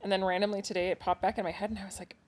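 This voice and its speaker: A woman with a medium-pitched, slightly mellow voice talks rapid-fire in a flat delivery. She co-hosts a podcast from home at night with the kids asleep nearby, chatting casually, poking fun at herself and laughing often.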